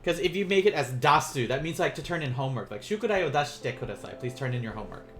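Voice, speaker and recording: A man teaching beginner Japanese in a casual livestream, rambling and self-amused, softly counting out strokes as he writes. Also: medium pitch, animated, quick pace.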